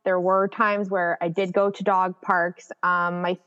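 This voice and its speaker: A woman's voice: on the low side, little pitch movement, a little slow, fairly bright tone, smooth. A woman dog trainer in casual podcast chat, explaining her views at length with fillers. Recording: dull, reverberant recording.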